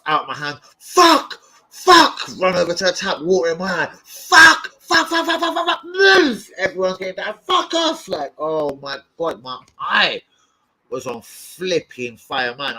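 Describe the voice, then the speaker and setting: A man's voice: a little high, poor audio. A young man, telling rowdy stories in casual chat, swearing often and breaking into yelps and laughs. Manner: swears a lot, loud animated storytelling with yelps and laughs. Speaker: host of a football fan channel.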